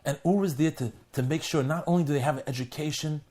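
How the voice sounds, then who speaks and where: Higher-voiced man telling a dramatic story. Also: fast. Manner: dramatic, swings between loud and hushed. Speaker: rabbi. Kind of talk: storytelling appeal.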